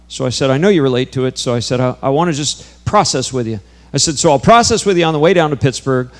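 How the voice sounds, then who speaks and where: A man preaching a sermon, telling a personal story in an earnest way that builds to intense, emphatic peaks. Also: medium pitch.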